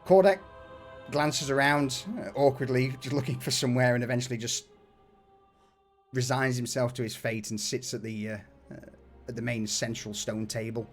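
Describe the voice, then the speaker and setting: A man running a tabletop game as game master, narrating scenes in a relaxed, descriptive way with frequent fillers. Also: mid-range voice, normal speed, soft background music.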